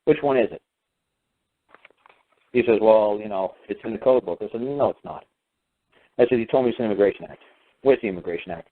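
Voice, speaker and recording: Blunt man ranting over a phone line. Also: fairly low pitch. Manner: blunt, fast-talking, mimics officials in quoted exchanges; swears casually and scoffs. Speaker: radio show host. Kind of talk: ranting monologue with acted-out dialogue. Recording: dry phone-line radio audio.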